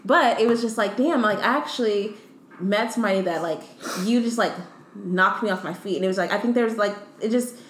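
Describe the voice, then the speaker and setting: A woman's voice: medium pitch, a little fast. Chatty young woman in an echoey room. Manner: chatty, many "like" fillers. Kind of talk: casual chat. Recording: echoey room, faint background noise.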